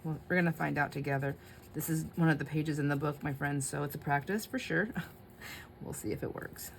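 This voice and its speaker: A woman's voice: low voice, a little fast, vocal fry, a little hiss or hum. A middle-aged woman hosting a crafting video, chatting casually to her viewers, laughing often and talking to herself as she works. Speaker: craft channel host.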